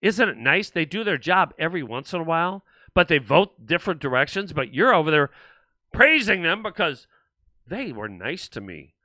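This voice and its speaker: Male livestream host, sarcastic political rant, lively high voice. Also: brisk, no room sound. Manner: animated and sarcastic, mocking other voices.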